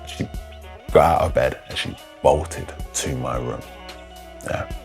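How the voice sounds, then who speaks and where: A man, telling a personal story in a loose, slangy, animated way. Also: extremely low pitch, slow pace, gravelly, soft background music. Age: 30s. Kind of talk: casual spoken storytelling.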